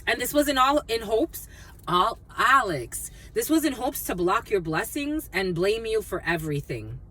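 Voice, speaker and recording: A woman giving a casual collective tarot reading, mixing personal stories with blunt, animated talk and plenty of swearing. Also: a little high, moderate pace, breathy edge. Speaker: tarot reader.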